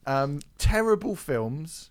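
Lively male podcast co-host, casual and jokey. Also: on the high side, takes it slowly, clear, resonant tone. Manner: animated, jokey, laughs often. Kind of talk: casual chat.

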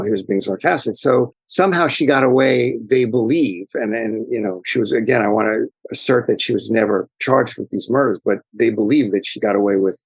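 A man's voice: medium pitch, slightly rough, no room sound, rough recording. A man answering interview questions as an author guest, speaking in a thoughtful, digressive storytelling way.

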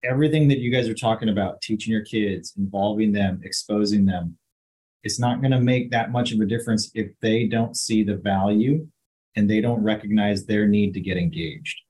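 A man's voice: on the low side, moderate pace, darkish tone, rough recording. A man speaking as a panelist in a round table discussion, earnest and emphatic.

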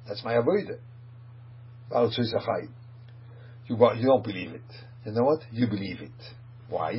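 Male rabbi type, lowish voice, emphatic lecturing; dull, hum-laden recording. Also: animated, moderate pace, pauses often, husky. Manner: emphatic, rhetorical questions, mixes Hebrew and Yiddish phrases. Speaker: rabbi teaching. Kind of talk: Torah lecture on Psalms.

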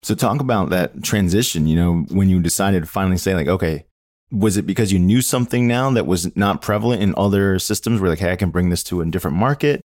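A man's voice: low-pitched, fast talker, a little mellow, no echo, studio quality. A man hosting a podcast interview, asking long, rambling questions that he rephrases as he goes. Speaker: podcast host.

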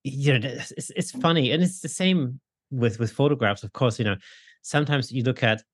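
A man's voice: medium pitch, moderate pace, breathy edge, no room sound, studio quality. A man in his forties in a casual podcast conversation, talking in a reflective, rambling way with many fillers.

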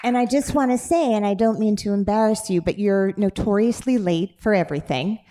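A woman's voice: medium pitch, fairly quick, dark tone. A woman hosting a live podcast on stage in front of an audience, talking in a playful, chatty way and laughing often. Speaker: podcast host.

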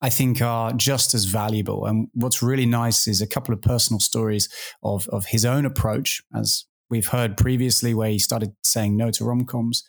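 A man's voice: mid-range voice, steady tone, moderate pace, gravelly. A man hosting a podcast, talking things through in a reflective, casual way. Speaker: podcast host. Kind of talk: casual discussion.

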